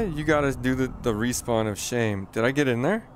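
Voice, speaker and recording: A man's voice: mid-range voice, normal speed, few pauses, slight background noise. A man streaming a flight game, chatting casually and poking fun at his own flying while talking to viewers. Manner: chatty, self-deprecating, talks to viewers. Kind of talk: casual live gameplay commentary.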